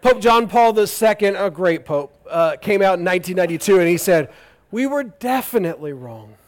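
A male pastor preaching a sermon with animated, jokey storytelling. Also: high-pitched, brisk.

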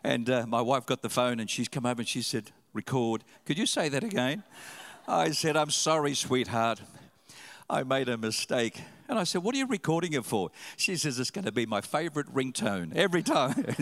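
A male pastor preaching a sermon, telling stories with sudden loud, animated rises. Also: medium pitch, moderate pace. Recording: long hall reverb.

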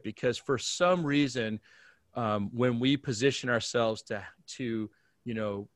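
A man who is a pastor, telling a story in a remote conversation and acting out the dialogue with big swings in pitch and loudness. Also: no room sound, clean studio sound. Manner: animated storyteller, acts out dialogue with big jumps in pitch and volume. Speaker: pastor, guest.

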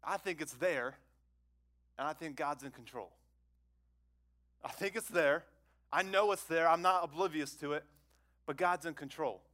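A man preaching a sermon to a congregation, conversational and repetitive, asking them questions and swinging between loud exclamations and hushed phrases. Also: a little high, normal speed, pauses often. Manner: conversational, repeats words, asks the congregation questions. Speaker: pastor.

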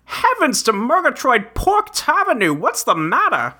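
A woman's voice: high voice, huge pitch swings, unhurried, sharp tone, pitched above the performer's own voice, full character voice. A woman reading a quirky young male adventurer who talks in folksy, old-fashioned slang, rambling and exclaiming. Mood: alarmed. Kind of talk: reading a webcomic aloud.

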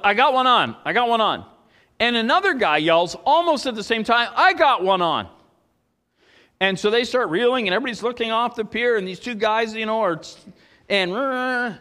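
A man preaching a sermon, telling stories with emphatic swings between loud and soft. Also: high-pitched, big-room sound. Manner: storytelling, emphatic, rises and drops in volume.

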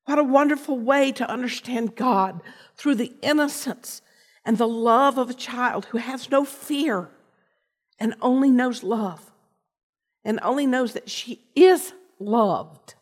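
An older woman giving a personal storytelling sermon, earnest, with pauses and restarts. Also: a little high. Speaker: lay preacher and teacher. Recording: long reverb of a large hall.

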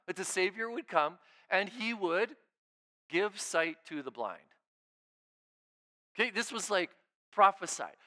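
A male pastor preaches in a relaxed, conversational way, with a fairly high voice that sounds smooth and crisp. He checks in with the room constantly and restarts his phrases. He swings between emphatic, raised lines and near-hushed asides. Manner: informal preaching, frequent "right?" check-ins and repeated restarts. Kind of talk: conversational sermon.

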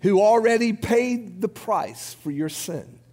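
Pastor guy preaching, kinda high voice, long church echo. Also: expressive. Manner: preaching with rising emphasis and a quiet, slowed close. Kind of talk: sermon. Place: church sanctuary. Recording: long hall reverb.

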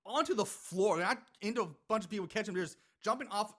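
A man's voice: sits high, fast, fairly bright tone. A man casually recapping a horror film with a co-host, rambling with lots of fillers and the odd swear. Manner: rambling, profane, laughing recap with many fillers. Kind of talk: casual chat.

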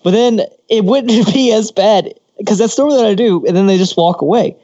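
A man with a fairly high voice tells crude stories on a podcast, laughing often and swearing freely. The sound is dry and a little muffled, like a home mic. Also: brisk, dark tone, no room sound. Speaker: podcast co-host. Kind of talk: casual crude storytelling.

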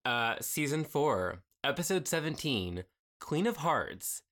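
A man's voice: mid-range voice, big pitch swings, takes it slowly, a bit bright. Easygoing laughing male podcast co-host. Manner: easygoing, laughs often, loses his train of thought. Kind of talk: casual chat.

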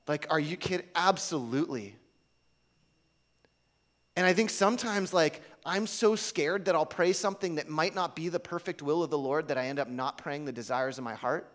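Male pastor, relaxed conversational sermon, lightly raised pitch, animated quoting. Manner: casual, conversational preaching with acted-out quotes.

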